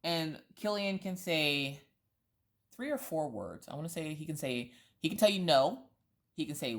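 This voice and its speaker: A woman in her thirties who vlogs, chatting and telling a rambling story full of asides and restarts. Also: rumbling low. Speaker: vlogger. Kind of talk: casual storytelling chat.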